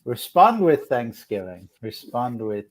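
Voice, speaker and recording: A man's voice: medium pitch, sing-song, a little slow. A man hosting a casual spiritual chat, talking in a reflective, earnest way with many restarts. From outside the United States. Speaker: host.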